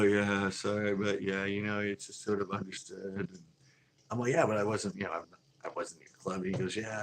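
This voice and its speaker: A man's voice: sits low, a bit bright, poor audio. Laid-back man telling fishing stories. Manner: laid-back, laughs often, acts out quoted arguments. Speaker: fishing channel host. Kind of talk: casual storytelling.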